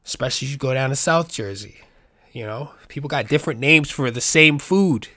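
A man from the Bronx with a New York accent, hosting a casual solo podcast in a rambling, profane, animated way. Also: medium pitch, no echo, studio quality. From the Bronx, New York City. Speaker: podcast host.

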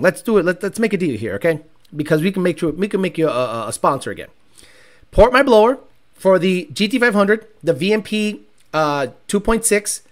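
A man livestreaming to his car channel's chat, talking casually in an animated, profane, slangy way. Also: sits high.

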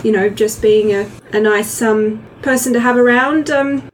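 A woman's voice: fairly high pitch, moderate pace, a little hiss or hum. A woman chatting as a tabletop player, chirpy and awkward. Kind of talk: casual chat. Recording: distant mic.

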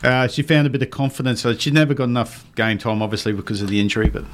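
An Australian man hosting a radio fishing show, chatty and enthusiastic and quick to laugh. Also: mid-range voice. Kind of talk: casual radio chat.

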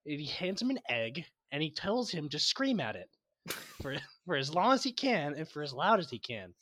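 A man's voice: fairly high pitch, sing-song, normal speed, a bit bright, no echo. A man co-hosting a podcast in casual chat, rambling through stories and laughing often. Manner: giggly rambling storyteller. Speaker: podcast co-host.

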